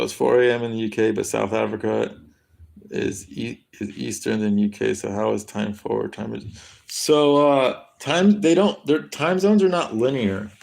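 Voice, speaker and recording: A man's voice: on the low side, vocal fry, darkish tone. A young American man chatting casually on a livestream, rambling and crude as he answers his chat. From United States. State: high.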